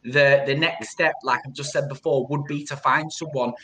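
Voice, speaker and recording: A man speaking as a guest on a video call, giving emotional personal testimony in an earnest, halting way, often repeating words. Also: mid-range voice, fairly even intonation, sharp tone, a little hiss or hum, low-quality recording. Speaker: guest, trauma support group founder.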